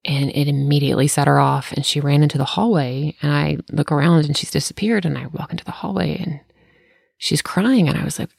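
A woman's voice: sits low, fairly even intonation, fairly quick, vocal fry, a little mellow, slightly rough, no echo, clean studio sound. A woman and parent telling a candid family story in casual conversation, self-deprecating and ready to laugh at herself.

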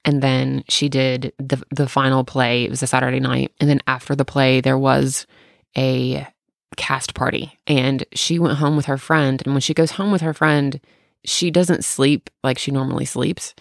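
Podcast co-host, parent, gravelly mid-pitched voice, candid storyteller, dry booth sound. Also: normal speed, no echo. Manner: candid, animated storytelling with swearing. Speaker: parent of two. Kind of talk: casual chat.

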